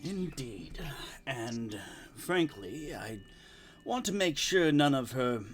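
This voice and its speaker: A man's voice: medium pitch, big pitch swings, slow. A man running a tabletop game as game master, narrating and chatting in a meandering way with many fillers. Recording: faint music behind.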